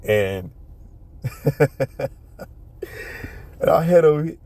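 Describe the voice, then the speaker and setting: A man's voice: on the high side, animated, very slow, mellow. A middle-aged man, casually telling a street story and acting out punches with sound effects. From New York City.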